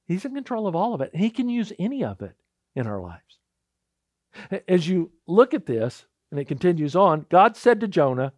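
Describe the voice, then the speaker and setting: Male pastor, conversational sermon, animated rises and falls. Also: high-pitched, no room sound, studio quality. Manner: conversational preaching, animated retelling with voiced quotes.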